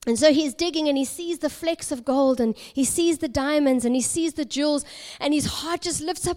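A high-voiced woman from South Africa preaches by telling a parable. Her delivery is expressive and dramatic, and she sometimes drops to a near whisper for emphasis. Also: moderate pace, few pauses. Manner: expressive, dramatic storytelling with hushed whispered moments. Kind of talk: sermon storytelling.

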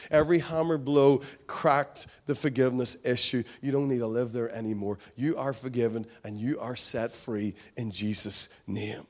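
A man's voice: medium pitch, darkish tone. A man preaching a sermon, impassioned, often repeating phrases for emphasis. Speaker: pastor.

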